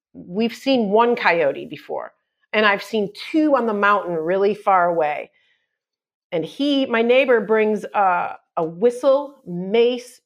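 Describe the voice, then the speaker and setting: A middle-aged woman with a medium-pitched voice, appearing as a comedian guest on a chat podcast, tells a story packed with acted-out shouts and quotes.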